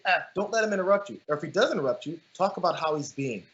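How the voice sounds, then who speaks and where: Guy doing political commentary, kinda high voice, emphatic, repeats himself, dull lo-fi audio. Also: very animated, fast talker, hardly any pauses, a bit bright. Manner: emphatic, restarts phrases. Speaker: co-host. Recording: dull lo-fi sound.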